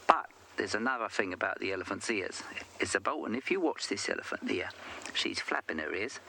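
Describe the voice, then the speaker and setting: A man's voice: fairly low pitch, expressive, fairly quick, creaky, bright, forceful tone. A man working as a safari guide, chatting playfully and answering viewers' questions on a live wildlife broadcast from outdoors in the bush. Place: outdoors on a game drive in the bush.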